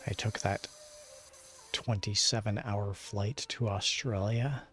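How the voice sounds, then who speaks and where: A man streaming a game, chatting casually and answering his viewers in a rambling, low-key way. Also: steady tone, takes it slowly, a bit bright, soft background music. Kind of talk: casual chat while gaming.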